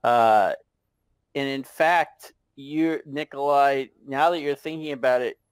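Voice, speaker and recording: A man narrating a tabletop game as game master, halting and chuckling as he goes. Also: medium pitch, clear, resonant tone, no room sound. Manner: halting, many fillers and restarts, chuckling.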